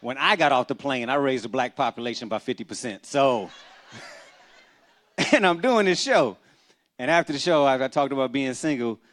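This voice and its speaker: Black comedian on stage, super animated, doing voices, pitch all over. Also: male voice, moderate pace. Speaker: stand-up comedian. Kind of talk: stand-up comedy set.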